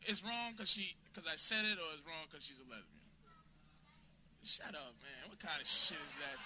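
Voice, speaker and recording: A man doing stand-up in a comedy club, brashly mocking audience members with profane crowd work. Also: sits high. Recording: loud crowd laughter, club noise.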